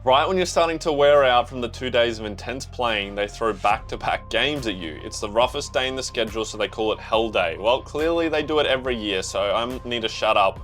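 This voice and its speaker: A young Australian man giving casual, slangy reaction commentary to a manga, talking excitedly to himself and the viewer. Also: medium pitch, brisk, few pauses, soft background music.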